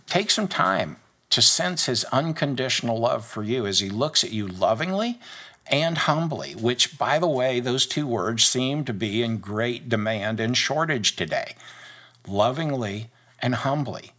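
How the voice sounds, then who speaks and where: Bright-toned earnest male pastor. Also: medium pitch. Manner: earnest, conversational, repeats phrases for emphasis. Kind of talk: devotional podcast message.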